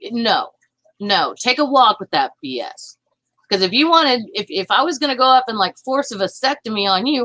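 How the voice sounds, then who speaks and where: A woman's voice: on the high side, lively intonation, moderate pace, pushed and bright, no room sound, poor audio. A woman, giving impassioned political commentary in a vlog, indignant and often restarting her sentences. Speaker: vlogger.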